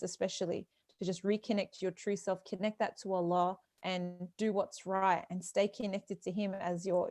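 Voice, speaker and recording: A woman's voice: medium pitch, a little mellow, no echo. A woman hosting a live online talk, speaking emphatically and encouragingly, heard over a video call. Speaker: host.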